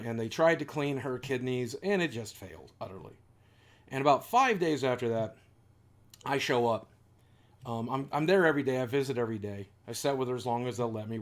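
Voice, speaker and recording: Man, earnest storytelling vlog. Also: mid-range voice. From United States. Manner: earnest, confessional, with wry asides. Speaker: YouTuber telling a personal story.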